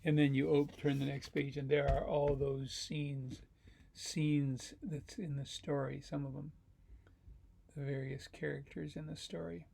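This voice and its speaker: A man, a pastor, reading a children's picture book aloud in a relaxed, chatty way with asides. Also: on the high side, measured pace, gravelly, slight background noise.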